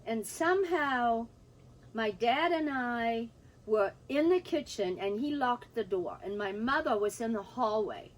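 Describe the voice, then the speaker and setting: An older woman telling a personal story from her childhood, pausing now and then to drink or clear her throat. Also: fairly high pitch, lively intonation, low-quality recording. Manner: pauses to drink and clear throat, recounting quoted dialogue.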